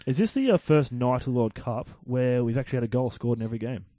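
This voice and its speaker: Laid-back male co-host, mellow tone, deadpan humour, dry close mic. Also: mid-range voice, fast, dry recording. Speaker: podcast co-host. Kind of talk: casual football chat.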